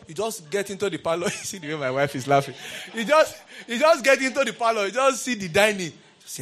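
A high-pitched man preaching to a congregation. He swings between soft, confiding asides and loud, ringing exclamations. He keeps calling out to the listeners for a response. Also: normal speed. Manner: calls out to the congregation. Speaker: pastor. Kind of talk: sermon.

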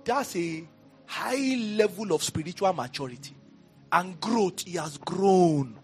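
A man with a Nigerian accent preaching a lively sermon in a church, with asides to the congregation that rise to shouts. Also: high-pitched, slow pace, slightly rough, soft background music. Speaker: pastor. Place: church hall.

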